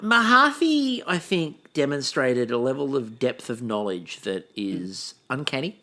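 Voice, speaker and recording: A woman's voice: very deep voice, sing-song, a little slow, a bit bright. A woman co-hosting a casual recap podcast. She laughs often and acts out the quotes she tells. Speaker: podcast co-host.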